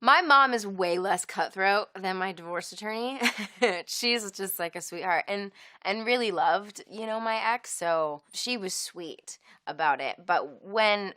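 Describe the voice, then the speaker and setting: A woman's voice: fairly low pitch, bright, forceful tone, no room sound, clean studio sound. A young adult woman and songwriter talking openly in an interview, confessional and casually profane as she explains her own song. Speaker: singer-songwriter. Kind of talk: candid interview talk.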